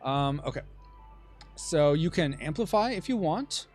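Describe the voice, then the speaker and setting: A man's voice: fairly high pitch, animated, a little slow, darkish tone, soft background music. A man hosting a casual board game playtest, chatting and checking the rules aloud. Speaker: game host.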